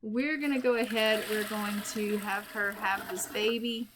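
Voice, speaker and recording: A woman's voice: mid-range voice, steady tone, a little slow, noisy background. A young woman hosting a video game let's play, narrating the story in a chatty way. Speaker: gaming video host.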